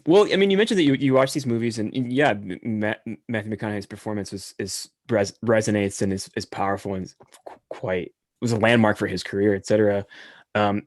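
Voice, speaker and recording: A man from Michigan hosts a bookstore interview over a video call. His voice is low and dry, and he asks his questions hesitantly, stumbling over his words. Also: darkish tone, no echo. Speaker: bookstore event host.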